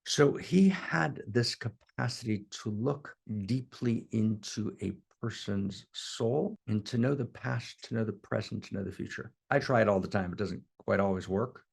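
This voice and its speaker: A man's voice: on the low side, normal speed, vocal fry, few pauses, slightly rough. A middle-aged man, a spiritual teacher, tells a sacred story to listeners in an impassioned way, often adding "right?" and repeating his words.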